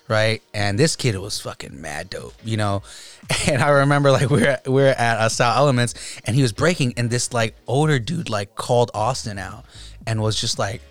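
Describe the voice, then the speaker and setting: A man's voice: fairly low pitch, a bit bright, clean tone, no echo. A man in a casual chat, a breakdancer telling stories in a laid-back way, laughing often and imitating his friends.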